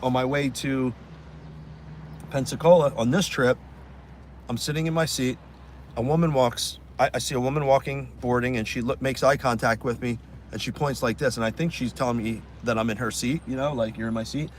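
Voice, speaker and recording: A man chats on a live stream outdoors, telling stories with lots of energy at a middle, everyday pitch. A faint hum of passing cars sits behind him. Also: normal speed. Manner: animated, acts out fans' voices. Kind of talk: casual storytelling chat.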